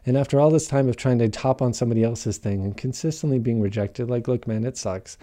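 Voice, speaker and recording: Very dark-voiced, profane man. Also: mid-range voice, fast talker. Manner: raw, heavily profane, emphatic; rambling, repeats and restarts phrases. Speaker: motivational speaker sharing his recovery story. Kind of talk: candid personal monologue.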